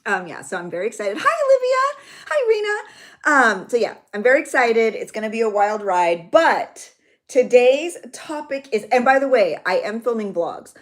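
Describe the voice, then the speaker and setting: A woman's voice: on the high side, sing-song, moderate pace, fairly bright tone. A woman in her thirties hosting a live chat for her journaling channel, bubbly and chatty, greeting viewers by name and laughing often.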